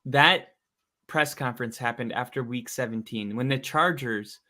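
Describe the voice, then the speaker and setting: A man co-hosts a casual sports podcast with a bright, forward tone. He tells stories with energy and acts out what other people say. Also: medium pitch, normal speed. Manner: animated storytelling, acts out quotes. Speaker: podcast co-host.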